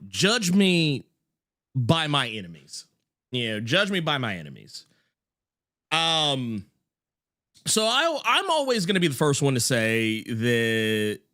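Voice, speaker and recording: A man hosting a casual interview, talking in a rambling, halting way with many restarts. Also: medium pitch, sharp tone. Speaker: podcast host.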